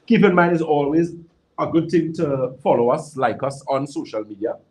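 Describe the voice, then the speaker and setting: A man's voice: a little high, normal speed, darkish tone, low-quality recording. A man giving natural health advice on a live stream and answering viewers' questions. He talks emphatically and repeats key words for stress. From Trinidad and Tobago.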